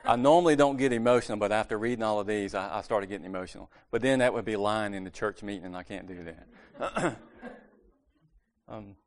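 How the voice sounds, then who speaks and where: A man's voice: on the low side, brisk. A man giving a casual, conversational sermon at a church meeting, correcting himself and joking lightly as he goes.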